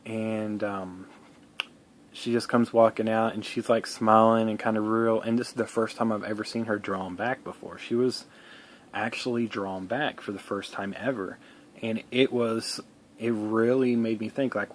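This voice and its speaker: A man's voice: lowish voice, level tone, normal speed. A man telling a personal story in a casual vlog, rambling, with many fillers, restarts and some swearing.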